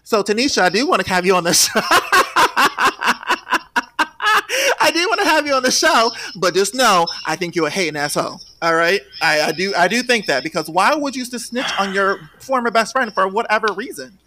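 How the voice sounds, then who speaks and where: High-voiced, sassy young podcast host. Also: male voice, a little fast, few pauses. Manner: animated, sassy, with sudden high-pitched outbursts. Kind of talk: casual gossip chat.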